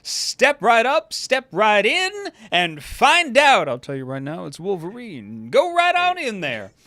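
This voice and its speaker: Old-timey male carnival barker, loud and high, hawking to the front row, put on by a man. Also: huge pitch swings, measured pace, no echo, heavily acted. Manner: booming, teasing sales pitch.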